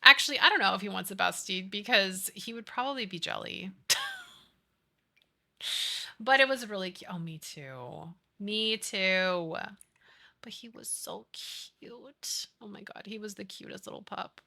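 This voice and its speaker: A woman streamer chatting casually while she plays, gushing and excitable, with gasps and baby talk. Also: medium pitch, unhurried, creaky. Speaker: game streamer. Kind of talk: casual live-stream chat while playing.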